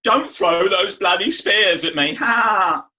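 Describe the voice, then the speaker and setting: A man putting on a rowdy rock star who calls out in a loud, high, taunting voice. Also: slow pace, recorded from a distance, exaggerated voice. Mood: teasing. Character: rowdy rock-star man doing a mock accent, teasing.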